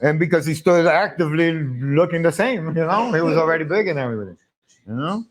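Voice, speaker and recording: A man telling casual stories on a livestream, profane and animated, laughing often. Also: on the high side, a little fast. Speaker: streamer. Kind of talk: casual storytelling chat. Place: livestream room.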